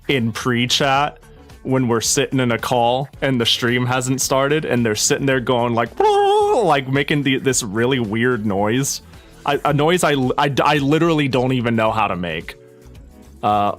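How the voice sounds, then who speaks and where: A man streams live in a mid-range, slightly bright voice, chatting casually and rambling with many restarts. He interrupts himself, swears freely, and sounds slightly out of breath.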